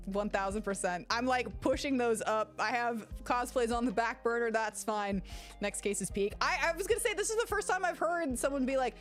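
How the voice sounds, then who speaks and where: A woman streamer chatting casually with her live viewers, excitable, swearing freely, with loud outbursts and frequent laughter. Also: medium pitch, a little fast, faint music behind. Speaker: game streamer.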